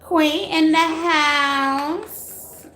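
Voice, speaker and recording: A woman hosting a casual live tarot reading, talking to her viewers. She laughs often and bursts into loud exclamations. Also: sits high, steady tone, very slow, roomy sound, a little hiss or hum.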